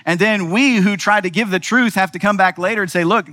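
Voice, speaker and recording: Conversational preacher in a reverberant hall. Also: male voice, sits high, brisk, bright, forceful tone. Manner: conversational, asks rhetorical questions with frequent "right?". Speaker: pastor. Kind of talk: sermon.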